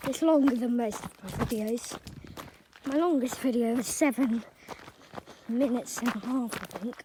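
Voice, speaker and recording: A woman's voice: a little high, normal speed. A woman narrating a casual nature walk vlog outdoors, rambling and chatty with joking asides. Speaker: nature vlogger. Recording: noisy outdoor recording. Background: rural outdoor noise, birds.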